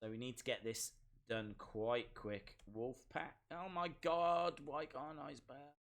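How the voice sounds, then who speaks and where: A man hosting a live stream, reacting to a wrestling show in excitable, chatty, self-mocking commentary. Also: medium pitch, slow.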